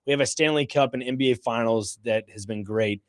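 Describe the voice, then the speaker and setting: Male radio cohost reading listener texts, playful, mid-pitch, dry close mic. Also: brisk, dry recording. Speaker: sports radio co-host. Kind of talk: casual sports radio banter. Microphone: studio microphone.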